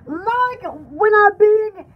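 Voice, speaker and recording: A woman's voice: very high voice, extremely slow, muffled recording, exaggerated voice. A woman voicing a chattering, pampered female poodle who hosts a parody home-shopping show, rambling and squealing in a comic pet voice-over. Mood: excited. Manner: squealing, rambling, easily excited.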